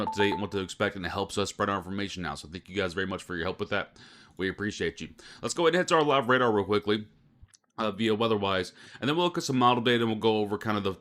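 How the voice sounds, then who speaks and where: Man, weather forecaster, live storm broadcast, quick talker, tired, monotone delivery. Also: lowish voice. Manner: self-described monotone delivery. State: tired from little sleep.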